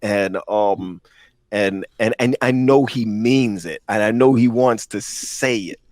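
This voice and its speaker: A man's voice: on the low side, darkish tone, dry recording. Guy on a podcast panel telling his story, keeps stumbling and repeating words, dry sound. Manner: halting, repeats words while searching for them. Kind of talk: personal testimony in casual chat.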